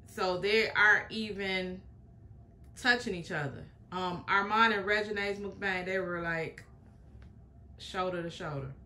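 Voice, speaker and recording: A woman's voice: medium pitch, unhurried, sharp tone, a little hiss or hum. A woman hosting a reaction video, commenting in a chatty, emphatic way and repeating her points. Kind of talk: casual commentary.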